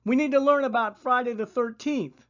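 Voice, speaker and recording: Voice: mid-range voice, normal speed, a bit bright, lo-fi sound, voice pushed up, natural voice. A storyteller voicing a curious young schoolgirl asking questions.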